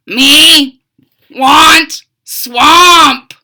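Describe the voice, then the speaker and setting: A woman's voice: high-pitched, very slow, pushed and bright, voice pushed up, full character voice. A woman voicing a big, stubborn, simple-minded male frog creature who bellows in broken speech.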